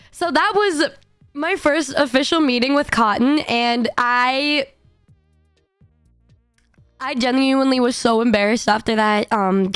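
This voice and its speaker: High-voiced hoarse woman streamer chatting. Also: dry recording. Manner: animated, laughing, swearing storytelling. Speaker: VTuber streamer. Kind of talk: casual livestream chat.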